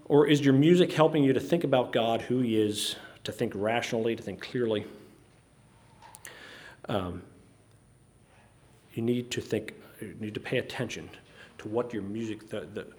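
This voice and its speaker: A man preaching a sermon, earnest and halting, often restarting his sentences. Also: medium pitch, darkish tone.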